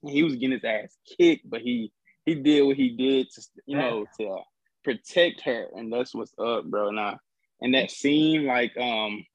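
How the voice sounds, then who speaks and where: A young man talks in a relaxed, slangy way and keeps dropping "bro". His voice is mid-pitched. The audio is a little dull and dry. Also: a little slow, no room sound. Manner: laid-back, slangy, says "bro" often. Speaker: podcast guest. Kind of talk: casual chat.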